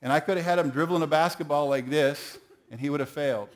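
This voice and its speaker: A man's voice: a little high, quick pace. Folksy man preaching a sermon. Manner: folksy storytelling, calls on the audience.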